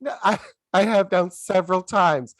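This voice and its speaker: A man's voice: high-pitched, normal speed, no echo. A man in his forties co-hosting a comedy podcast, reading from his notes in a blunt, exasperated, swearing manner. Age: 40s. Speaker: podcast co-host. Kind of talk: casual comedic recap chat.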